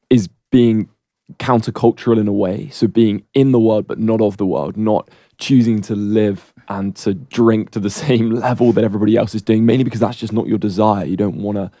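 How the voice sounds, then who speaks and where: A man guesting on a radio show, speaking in a measured, reflective way. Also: fairly low pitch, fairly even intonation, dark tone, no room sound, studio quality. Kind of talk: casual radio chat.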